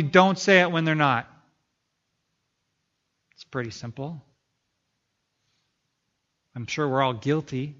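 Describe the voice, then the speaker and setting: A man's voice: on the high side, a bit bright, highs cut off. A man preaching a sermon as pastor, earnest and building to fervent prayerful pleas.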